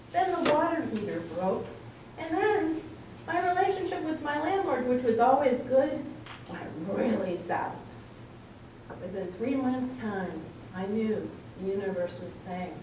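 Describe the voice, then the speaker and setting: A woman's voice: fairly high pitch, lively intonation, measured pace. A middle-aged woman giving a personal spiritual talk, telling stories and acting out dialogue. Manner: storytelling, acts out dialogue. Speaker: spiritual speaker. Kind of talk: sermon-style personal talk. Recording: echoey room from far off, faint noise.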